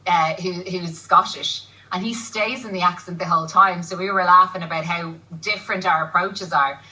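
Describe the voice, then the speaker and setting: A woman chatting about her acting work on a TV show. Her voice is bright and forward, sitting a bit low, and she laughs easily as she rambles. She sounds slightly far from the mic. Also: fairly even intonation, normal speed. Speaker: actress guest. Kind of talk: casual TV chat. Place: TV studio.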